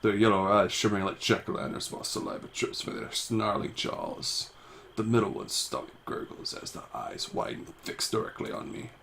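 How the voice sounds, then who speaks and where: A man reading a game's story text aloud in a halting, stumbling way, with self-mocking asides, recorded on a home mic. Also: on the low side, lively intonation, gravelly, a bit bright, slight background noise. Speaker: amateur voice actor reading a game. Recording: faint music behind.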